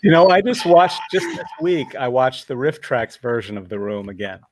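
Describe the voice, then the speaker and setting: A man's voice: medium pitch, sing-song, moderate pace. A man co-hosting a casual podcast chat, fumbling and thinking aloud. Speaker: co-host.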